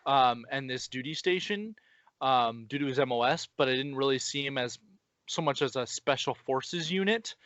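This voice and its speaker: A man co-hosting a podcast, chatting casually with an animated, profane, joking way of retelling scenes. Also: medium pitch, no room sound, muffled recording. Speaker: podcast co-host. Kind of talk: casual chat.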